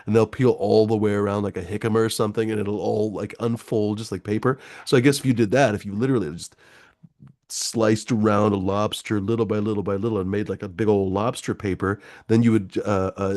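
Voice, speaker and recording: Rambling low-voiced man hosting a chat stream. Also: fairly even intonation, fast talker, a little mellow. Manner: rambling, many fillers and restarts. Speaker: livestream host. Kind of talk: casual late-night chat.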